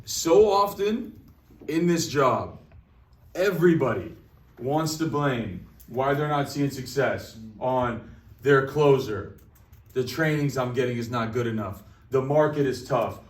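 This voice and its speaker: A man giving an energetic sales training talk to a group, repeating his phrases. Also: medium pitch, slow. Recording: echoey room, distant mic.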